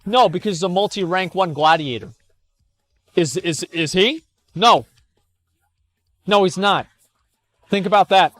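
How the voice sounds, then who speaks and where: A man's voice: sits high, unhurried, pauses often, fairly bright tone. A young man streaming casual commentary as he reads forum posts aloud, blunt and scornful, swearing, stammering and restarting.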